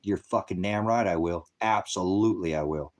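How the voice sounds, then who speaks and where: A man's voice: deep voice, moderate pace. A man hosting a ministry livestream, angrily and profanely berating commenters in his chat while lecturing on scripture. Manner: angry, profane, combative; heckling and lecturing.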